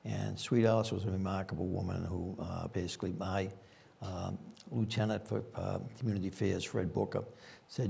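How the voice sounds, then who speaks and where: A man's voice: low-pitched, level tone, normal speed, creaky, dark tone, slightly rough. An older man with a Boston accent, a former police chief telling rambling anecdotes with frequent fillers at a conference panel.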